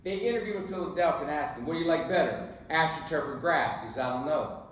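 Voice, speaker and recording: A high-voiced man gives a keynote speech at a dinner. He is punchy and preachy, and he jokes with the crowd as he goads them on. His voice rings through a very echoey banquet hall, picked up by a distant mic with faint noise underneath. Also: quick pace. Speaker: keynote speaker.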